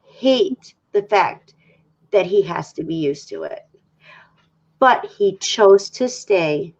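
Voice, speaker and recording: A woman speaks unhurriedly on a talk show, openly sharing a personal story. She acts out old exchanges as she talks. The sound is dull and lo-fi. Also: mid-range voice. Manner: candid, animated storytelling that acts out her own past quotes. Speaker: guest. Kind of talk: casual talk show conversation.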